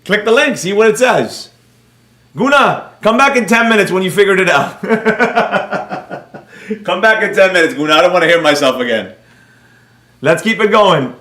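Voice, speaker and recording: A man's voice: high-pitched, expressive, normal speed, pauses often, pushed and bright, reverberant. A man hosting a casual trading livestream Q&A, joking and calling out viewers in the chat by name.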